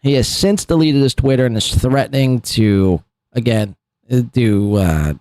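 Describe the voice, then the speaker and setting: A man's voice: medium pitch, a little slow, warm tone, no echo, studio quality. A man hosting a live podcast, rambling through clip commentary with lots of fillers and laughs. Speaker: podcast host.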